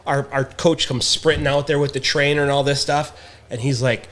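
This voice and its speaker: A man's voice: medium pitch, fairly quick. A man co-hosting a casual podcast chat, telling sports stories and acting out the people in them. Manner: animated storyteller, acts out quotes. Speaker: podcast co-host.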